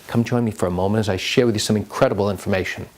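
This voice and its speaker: A man's voice: on the low side, fairly even intonation, very fast. A man who is an attorney, explaining a legal topic straight to the camera in an emphatic way, full of rhetorical questions. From New York.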